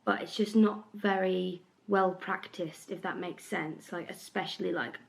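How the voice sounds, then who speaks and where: A woman's voice: fairly low pitch, fairly even intonation, unhurried, gravelly. A young woman from the UK chatting casually in a vlog about musical rehearsals, bubbly and filled with "like", sounding a little bunged up and tired. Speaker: vlogger, musical theatre performer.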